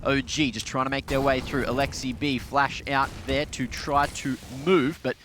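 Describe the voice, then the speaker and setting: A man giving play-by-play esports commentary, jumping up in pitch on big plays. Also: normal speed, background noise. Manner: excitable, spikes high on big plays. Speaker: esports caster.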